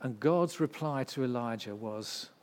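A man preaching a sermon, swinging from loud, intense passages to hushed ones. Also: medium pitch, animated, a little slow. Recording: long reverb of a hall.

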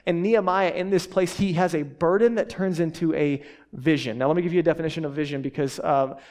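Preaching quickly and with energy, a man in his thirties from Texas tells animated stories from the pulpit. His voice is pitched slightly higher than usual.

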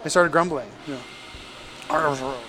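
A man's voice: a little high, a little fast. Casual, slangy male preacher. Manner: conversational, paraphrasing scripture in everyday slang. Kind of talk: casual sermon.

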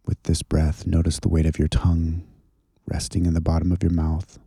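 A man with a very low, gravelly voice leads a guided contemplative prayer. His tone is dark and husky, slow and gentle. The sound is dry and close. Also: monotone, dry recording. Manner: slow, gentle, soothing guidance. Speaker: pastor leading guided prayer.

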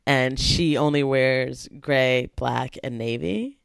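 A woman's voice: a bass voice, slow, vocal fry, smooth, no room sound, clean studio sound. A woman co-hosting a casual chat show, talking in a wry, chatty way and laughing often. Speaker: co-host.

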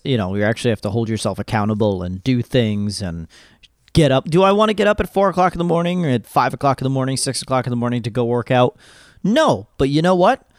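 A man in his twenties co-hosting a podcast, chatting casually and telling jokey, animated stories. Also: medium pitch, no echo, studio quality. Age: 20s. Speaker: podcast co-host. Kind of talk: casual chat.

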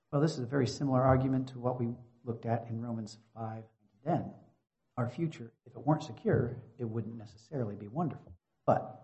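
Male preacher, middle pitch, teaching sermon, builds to fervent emphasis; slightly muffled recording. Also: fairly quick, a little mellow. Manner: teaching, rising to emphatic fervor.

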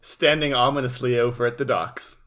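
A man's voice: mid-range voice, fairly even intonation, brisk, a bit bright. Wry man in casual chat. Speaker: podcast co-host.

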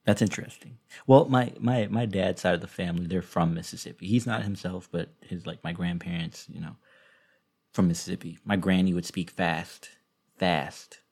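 A man's voice: sits low, fairly quick, creaky, darkish tone, breathy edge. A man hosting a podcast, telling stories in a casual, rambling way with frequent restarts. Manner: rambling, self-interrupting storyteller with frequent restarts. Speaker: podcast host.

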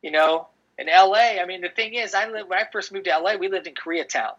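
Husky-voiced man rambling through a story. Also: high voice, quick pace, fairly bright tone. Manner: rambling storyteller, many restarts and "dude". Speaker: podcast co-host. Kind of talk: casual chat. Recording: dull lo-fi audio.

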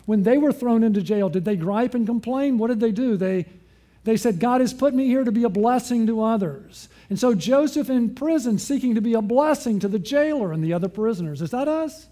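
Bright-toned man preaching with questions. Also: very high-pitched, lively intonation, a little fast. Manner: asks the listeners questions and answers them. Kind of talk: sermon with rhetorical questions.

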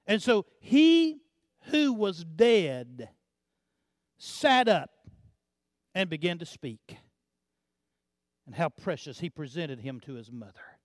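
A male pastor preaching a sermon, swinging from hushed low passages to loud emphatic build-ups, often repeating words as he builds. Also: sing-song, slow pace, pauses often, no echo, clean studio sound.

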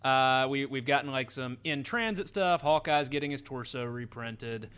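A man's voice: mid-range voice, moderate pace, fairly bright tone, clear, resonant tone. A man hosting a casual podcast, recapping a movie plot with frequent fillers and laughter. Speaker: podcast host recapping the film.

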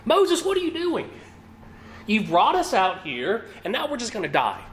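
A frightened, accusing crowd, as a preacher acts it out, cries out in a voice pushed well above his usual pitch. The questions come fast and frantic, swinging wildly up and down. It sounds like pure alarm in a storytelling sermon. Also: huge pitch swings, fairly bright tone, a little hiss or hum, full character voice. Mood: panicked. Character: panicking crowd of fleeing people, frightened and accusing.

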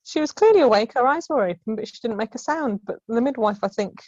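A woman's voice: fairly high pitch, lively intonation, fast talker, darkish tone, no room sound. A woman in her thirties, a podcast guest at home on a remote call, telling her story in a chatty way, often laughing and acting out what others said. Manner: chatty, laughs often, acts out quoted voices. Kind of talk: casual storytelling. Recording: slightly muffled call audio.

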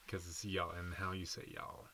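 A man's voice: low voice, completely flat delivery, normal speed, pushed and bright, slight background noise. A man in his thirties from Nashville, co-hosting a podcast in casual chat, rambling and playful. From Nashville, Tennessee. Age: 30s. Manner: rambling, playful, laughs often. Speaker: podcast co-host.

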